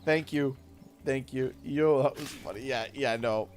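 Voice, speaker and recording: A Canadian man live-streaming a game, excitable and thanking viewers over and over. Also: medium pitch, measured pace. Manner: excitable, thanks donors warmly and often. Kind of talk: live gameplay stream chat.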